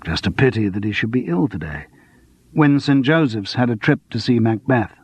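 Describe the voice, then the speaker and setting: A man voicing a calm, quietly insistent man questioning someone, in a storybook reading. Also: medium pitch, breathy edge, no room sound. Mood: probing. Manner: measured, persistent, cool. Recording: dull lo-fi dry audiobook recording.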